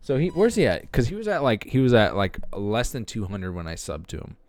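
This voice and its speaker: Smooth low-voiced casual podcast host. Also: male voice, huge pitch swings, brisk, a little mellow. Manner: rambling, with many fillers and restarts. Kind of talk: casual commentary while browsing videos.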